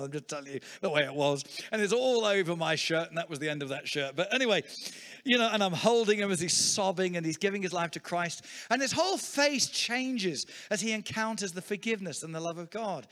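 A man's voice: a little high, long reverb tail. A middle-aged man preaching a sermon, telling stories with humor. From England. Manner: lively, humorous storytelling preacher. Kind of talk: sermon with storytelling.

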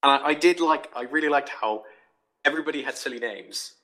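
A young man casually talking through a book on a podcast, rambling and animated, acting out quoted thoughts. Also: on the high side, brisk, rough recording. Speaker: podcast host reviewing a book.

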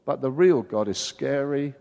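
An older man preaching a sermon, acting out quoted voices with big swings of loudness. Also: mid-range voice, unhurried, vocal fry. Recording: long hall reverb.

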